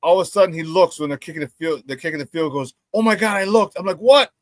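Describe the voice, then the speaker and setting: A man hosting a casual sports talk show, telling stories excitedly with many restarts and repeated words. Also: a little high, fast, dry recording.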